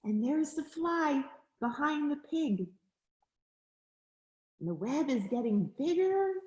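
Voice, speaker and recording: A woman's voice: high-pitched, takes it slowly, reverberant. A woman educator reading a picture book aloud to children, gasping with surprise and asking them questions as she goes. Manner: animated, gasps and asks the listening children questions. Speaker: nature center educator.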